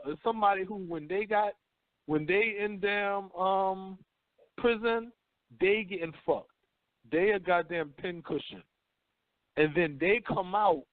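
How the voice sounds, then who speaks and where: Man, radio host, profane street slang, high voice, thin phone-line sound, dry. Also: dry recording. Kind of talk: casual talk radio chat.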